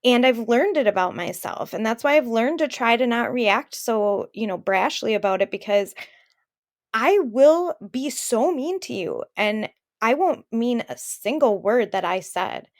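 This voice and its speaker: A podcast co-host in her thirties talks at a measured pace in a fairly high, expressive voice. Her casual chat turns to personal stories, which she tells openly and with feeling.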